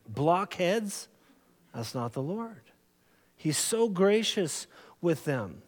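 A man preaching a sermon as pastor, earnest and deliberate, often calling his listeners beloved, in a large church sanctuary. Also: on the high side, darkish tone, in a large hall. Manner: slow, earnest preaching with drawn-out emphasis.

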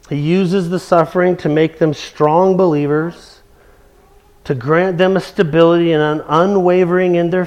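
Male preacher, fairly high voice, emphatic sermon delivery, leans on repeated key phrases. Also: darkish tone. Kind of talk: expository sermon.

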